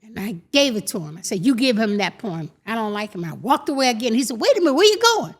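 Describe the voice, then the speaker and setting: A woman's voice: mid-range voice, expressive, fast talker. An older woman telling stories in an interview, acting out the voices of the people in them. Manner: acts out quoted voices while telling stories. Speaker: guest. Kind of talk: animated storytelling.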